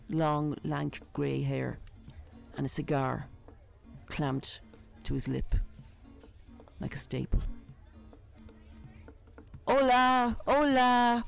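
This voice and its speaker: A woman's voice: low voice, fairly even intonation, takes it slowly, vocal fry, pauses often, warm tone, soft background music. A woman telling a vivid personal story in a conversational, colourful way.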